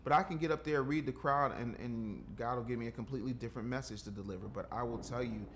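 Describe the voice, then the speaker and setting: A man's voice: mid-range voice, fast, a bit bright, slight background noise. A man in his fifties, a guest on a podcast, talking casually in an emphatic, preachy way, swearing freely and acting out quotes.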